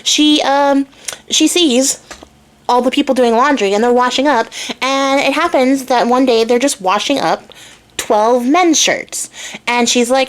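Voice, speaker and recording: A woman's voice: sits high, a little slow. A young woman casually retelling a fairy tale while crafting, chatty and irreverent, swearing and loosely voicing the characters. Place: home craft room.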